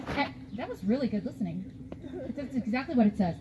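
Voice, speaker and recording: Animated high-voiced woman reading to kids. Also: a little fast, background noise. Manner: animated, playful, talks to kids. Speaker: children's librarian storyteller. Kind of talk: children's storytime reading.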